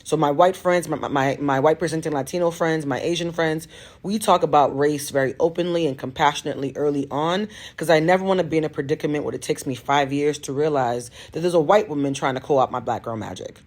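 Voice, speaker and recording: A woman's voice: low voice, brisk, a little mellow. A woman who works as a tarot reader and coach, telling a personal story in a direct, emphatic way. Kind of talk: storytime monologue.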